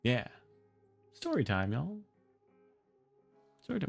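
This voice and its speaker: Brief: playful male streamer reading a children's book, lively swoops, soft music underneath. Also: lowish voice, a little slow. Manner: animated, playful. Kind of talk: read-aloud narration and casual stream chat.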